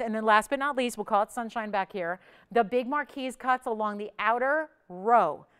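A woman hosting a live shopping channel, giving an upbeat, persuasive sales pitch straight to the viewers. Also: fairly bright tone, smooth.

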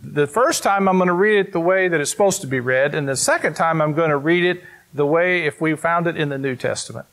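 A man's voice: a little high, fairly bright tone. A man preaching a sermon in church, reading scripture aloud in an emphatic way and talking directly to the congregation. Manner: slow, emphatic, talks to the congregation. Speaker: pastor.

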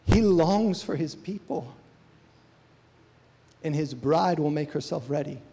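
A man preaches at a church service in a fairly high, mellow voice. He speaks earnestly and presses his listeners with questions. The sound carries a long reverb, as in a large hall. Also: expressive, slow, gravelly, slightly rough. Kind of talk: sermon.

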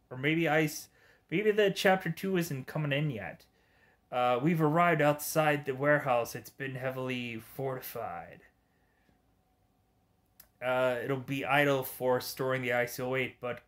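A man giving casual gameplay commentary, reading the game's dialogue aloud in a rambling, halting way. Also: medium pitch, fairly bright tone. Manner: rambling, halting, with frequent fillers. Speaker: gamer.

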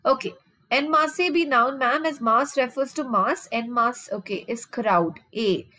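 A woman's voice: a little high, sharp tone, poor audio. A woman teacher with an Indian accent running a live online vocabulary lesson, mixing Hindi and English and keeps asking her students for answers. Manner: drawn-out fillers while thinking. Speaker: online exam-prep teacher.

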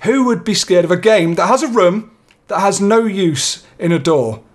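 A man's voice: high-pitched, animated, normal speed. A young man playing a horror game, nervously talking himself through it and swearing now and then. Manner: jittery, talks himself through fear, swears. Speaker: let's play gamer.

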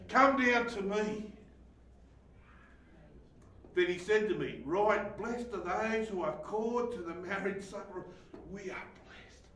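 A man preaching a sermon as pastor, swinging between loud, excited exhortation and quiet scripture reading. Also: high voice, moderate pace, hardly any pauses, echoey room, far from the mic, slight background noise, poor audio. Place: church fellowship hall.

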